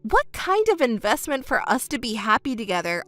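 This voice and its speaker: A woman's voice: a little high, big pitch swings, normal speed, few pauses, a bit bright. A woman voicing a scripted text-story narration, cold and scolding, with faint music underneath.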